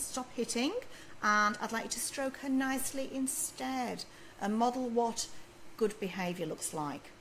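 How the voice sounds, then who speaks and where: A woman answers parents' questions on a live stream in a chatty, reassuring way, sharing practical advice. Her voice sits a little high. There is a faint hum of background noise behind her. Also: animated, unhurried, poor audio. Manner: reads questions aloud and advises in a chatty, reassuring way. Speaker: baby sleep consultant answering viewer questions. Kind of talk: live video Q&A.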